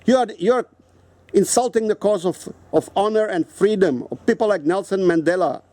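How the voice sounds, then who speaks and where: A man's voice: high-pitched, moderate pace, a little mellow, dry recording. Profane ranting South African man. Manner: profane, repetitive, confrontational. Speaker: video host. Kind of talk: angry rant to camera.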